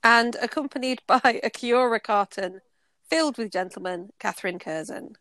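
A woman's voice: on the high side, a bit bright, no echo. A woman from England in her forties with a head cold, co-hosting a podcast in playful, teasing chat. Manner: playful, teasing, quick to laugh. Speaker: podcast co-host. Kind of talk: casual chat.

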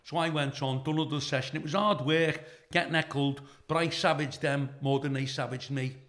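A man's voice: fairly high pitch, a little fast. A middle-aged man from the UK, a comedian guest telling a profane anecdote and acting out the people in it. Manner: animated, acts out the people in his stories.

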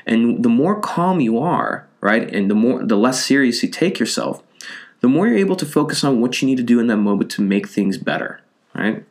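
A man's voice: medium pitch, very animated, moderate pace. A man giving a loose, conversational motivational talk, with lots of fillers and a habit of tagging his points with "right?".

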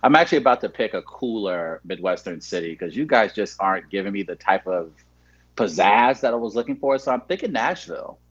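A man with a St. Louis accent, co-hosting with deadpan, joking bravado in casual banter. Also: fairly low pitch, a little fast, slightly rough, dull audio. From St. Louis, USA. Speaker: co-host.

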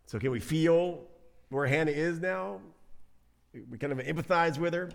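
Male pastor, sermon, animated and conversational, lively swings in pitch. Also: normal speed, gravelly.

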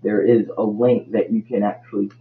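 A man's voice: fairly low pitch, level tone, normal speed, narrow, tinny audio, a little hiss or hum. A man hosting a casual solo podcast, rambling and tripping over his words. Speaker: podcast host.

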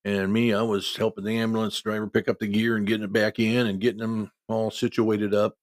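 A man's voice: on the low side, little pitch movement, fairly quick, no echo. A middle-aged man from Iowa, a football referee, telling a story in a folksy, conversational way and quoting people in his own voice. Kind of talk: casual spoken storytelling.

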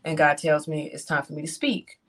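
Animated woman telling her story. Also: sits low, a little fast, slight background noise. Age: 30s. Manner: animated storytelling, acts out her own reactions; talks straight to the audience, calls them "y'all". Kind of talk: personal testimony talk.

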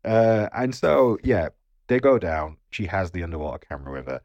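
A man's voice: low voice, big pitch swings, dry recording, lo-fi sound. A man co-hosting a podcast, casually recapping a film with jokes and swearing. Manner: jokey, swears, quick asides. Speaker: podcast co-host.

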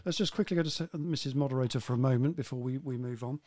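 A man's voice: mid-range voice, racing, darkish tone, dry recording, studio quality. A man hosting a live-stream talk show, chatty and full of praise for his guest.

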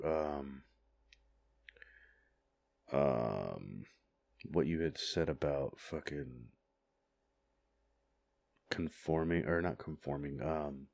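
A man's voice: a bass voice, drawn-out words, gravelly, pauses often, a little mellow, no echo. A man chatting casually on a podcast, rambling and hesitant with lots of filler words and casual swearing. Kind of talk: casual chat.

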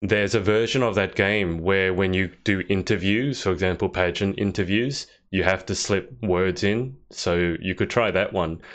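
A man hosting a live interview, asking quick questions and making playful asides. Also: low voice, fairly bright tone. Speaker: podcast host, interviewer. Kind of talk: casual interview chat.

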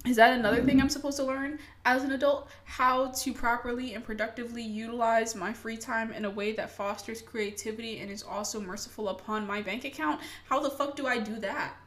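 A woman's voice: a little high, steady tone, fairly quick, hardly any pauses. A young adult woman ranting casually to her audience, swearing freely and self-mocking with dramatic flair. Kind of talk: casual rant to camera.

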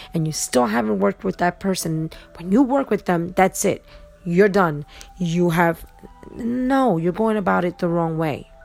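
Woman, podcast host, motivational monologue, gravelly, earnest, faint background music. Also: mid-range voice, a little mellow. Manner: earnest, insistent and repetitive. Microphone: podcast microphone.

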